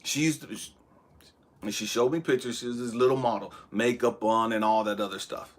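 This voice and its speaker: A man's voice: medium pitch, steady tone, fairly quick. A man in his thirties giving a spiritual motivational talk, preaching with bursts of emphasis that drop to near-whispers. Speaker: motivational speaker.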